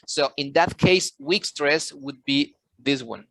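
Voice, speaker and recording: A man's voice: on the high side, slow, creaky, background noise. A man teaching an English lesson, explaining patiently, repeating key points, quizzing students and sometimes switching into Spanish. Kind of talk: online class lesson.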